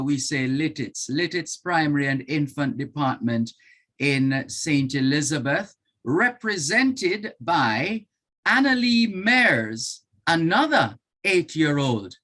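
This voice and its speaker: A Jamaican man hosting a live poetry competition, speaking in a measured way and repeating his phrases. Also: fairly high pitch, a bit bright. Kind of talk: live-stream emcee commentary.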